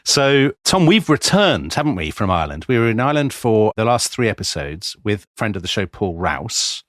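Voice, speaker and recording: A man co-hosting a history podcast, explaining in a measured, dry way. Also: fairly low pitch, big pitch swings, a bit bright, dry recording. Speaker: podcast co-host.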